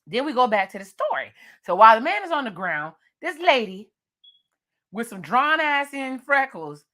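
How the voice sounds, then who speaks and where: A woman's voice: a little high, big pitch swings, normal speed, pushed and bright. A woman recapping a horror movie with jokes and slang, laughing often. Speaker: movie reviewer.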